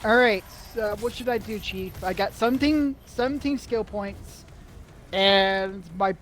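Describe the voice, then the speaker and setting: A man chatting while playing a game, halting and trailing off as he talks. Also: high voice, slight background noise. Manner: halting, many fillers and restarts. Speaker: gamer. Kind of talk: casual chat while gaming.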